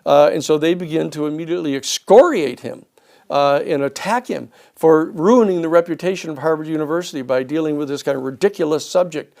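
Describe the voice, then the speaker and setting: A man giving a storytelling lecture, an animated speaker who acts out the people he quotes. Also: fairly high pitch, brisk, vocal fry.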